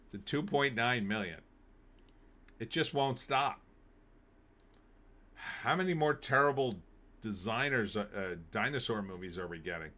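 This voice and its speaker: Hosting a show on his own, a man chats casually and shares opinions while reading the live chat and thinking out loud with filler words. His mid-range voice is animated, pushed and bright, but he takes his time and leaves long pauses.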